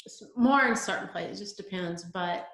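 Halting middle-aged mother in echoey room. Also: medium pitch, a bit bright. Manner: halting, breaks off mid-sentence, voice drops to near murmur. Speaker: guest, poet and mother. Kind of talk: emotional conversation.

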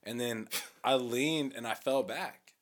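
A man's voice: medium pitch, slow. A young man telling a long, rambling story among friends, full of swearing and filler words. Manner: rambling, profane, full of "like" and "bro".

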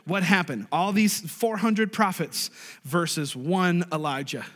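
A man preaching a sermon as a pastor, animated, with sudden loud, high bursts. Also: measured pace, long reverb tail. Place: church sanctuary.

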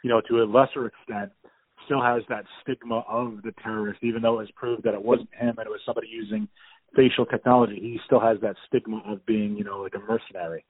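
A man's voice: fairly low pitch, fast, no echo. A man in casual talk about a movie, enthusiastic and rambling, with many fillers and restarts. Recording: tinny phone-like audio.

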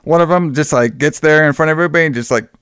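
A man's voice: fairly high pitch, very fast, a bit bright, smooth, no echo, clean studio sound. A man co-hosting a podcast, retelling a movie in a rambling, casual way with plenty of swearing. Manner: rambling, swearing, acts out quotes with laughs. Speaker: podcast co-host. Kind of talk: casual movie review chat.

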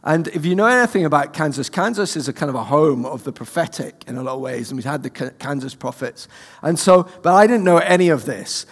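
A man's voice: a little high, fairly quick, long reverb tail. A British man preaching a sermon, telling a personal story with humour. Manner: humorous, animated storyteller. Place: church.

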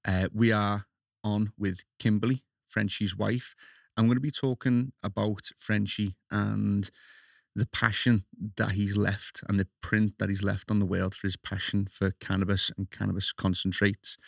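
A man's voice: lowish voice, vocal fry, no room sound. Scouse man hosting, dry close sound. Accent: Liverpool Scouse. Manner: friendly, chatty, stumbles and laughs at himself. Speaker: podcast host. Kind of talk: casual podcast interview.

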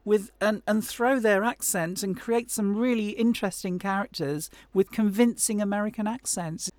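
A woman hosting a podcast interview, who sums up the story in a measured way and leads into the next question. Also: mid-range voice, a little mellow, dry recording. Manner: measured, summarizing, leading questions. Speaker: podcast host.

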